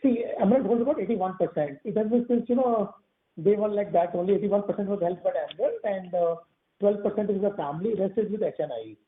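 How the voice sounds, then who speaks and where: A man's voice: high voice, quick pace, slight background noise. A man with an Indian English accent, a company executive answering analyst questions on an earnings call, hesitant and repeating himself. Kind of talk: conference call Q&A. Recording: tinny phone line.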